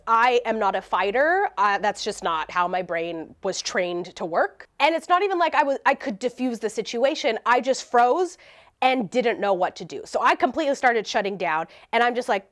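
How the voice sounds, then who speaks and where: A woman telling a storytime vlog, animated and laughing as she talks. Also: fairly high pitch, moderate pace. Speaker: vlogger.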